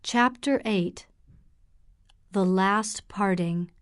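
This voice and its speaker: Very slow woman narrating a story. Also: medium pitch. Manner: very slow and clear.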